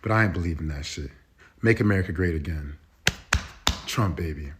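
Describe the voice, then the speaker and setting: A young man rants to camera, blunt and defiant, with loose slang. His voice is very deep, and he talks fast. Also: noisy background. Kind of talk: casual rant to camera.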